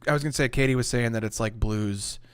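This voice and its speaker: A man of middle pitch co-hosting a relaxed podcast, feeling his way through ideas with halting, tentative phrasing. The sound is dry and close. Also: clean tone, no echo. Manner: thinks aloud, halting and tentative. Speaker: podcast co-host. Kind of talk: casual podcast chat.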